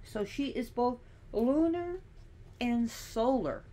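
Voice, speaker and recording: Lively, slow-talking woman teacher. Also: on the high side. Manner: chatty, digressive, with sassy asides. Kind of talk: casual teaching monologue.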